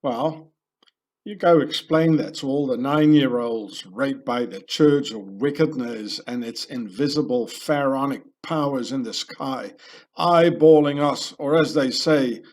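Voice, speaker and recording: Brief: male voice-over narrator, unhurried, ranting, rambling delivery. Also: medium pitch, darkish tone. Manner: rambling, ranting, heavy with fillers. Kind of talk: conspiracy video voice-over.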